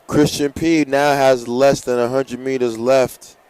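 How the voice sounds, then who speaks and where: A man announces a live track meet, excitedly hyping runners, reading out heats and offering coaching tips. His medium-pitched voice is smooth and measured, with no echo.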